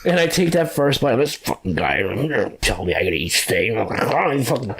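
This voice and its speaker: A man, chatting casually as a podcast guest, telling lively stories, swearing freely and laughing often. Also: mid-range voice, quick pace, husky. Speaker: podcast guest, sound engineer. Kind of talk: casual chat.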